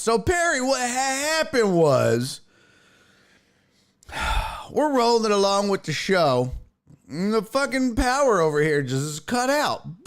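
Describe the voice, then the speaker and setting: A man hosting a live sports talk stream, excitable and profane, greeting chat viewers by name and laughing often. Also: high voice. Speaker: sports talk show host.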